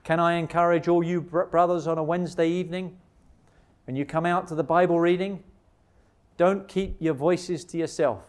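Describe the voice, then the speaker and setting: A man delivers a sermon in a high-pitched voice. He leans on rhetorical questions and drags out key words for emphasis, speaking straight to his listeners. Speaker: preacher.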